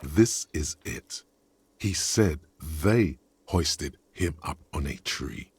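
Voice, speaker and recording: A deep, gravelly game narrator. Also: male voice, animated, no room sound, exaggerated voice. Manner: slow, solemn and measured. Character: the grave, all-knowing male narrator voice of the game.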